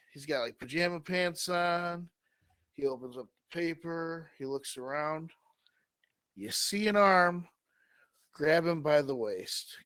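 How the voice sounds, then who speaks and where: A man co-hosting a comedy show, improvising a story with slow, drawn-out delivery and dramatic pauses. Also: a little high, a bit bright, dry recording. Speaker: co-host.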